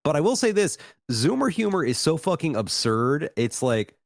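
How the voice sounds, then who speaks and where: Profane, rambling American man, lively voice. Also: fairly high pitch, normal speed, gravelly, dry recording, clean studio sound. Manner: profane, self-deprecating, rambling. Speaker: podcast co-host. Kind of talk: casual podcast chat.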